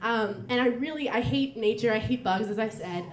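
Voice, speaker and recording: A woman's voice: on the high side, moderate pace. A young woman telling a personal story live on stage, chatty and laughing, with lots of fillers. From United States. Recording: echoey live room.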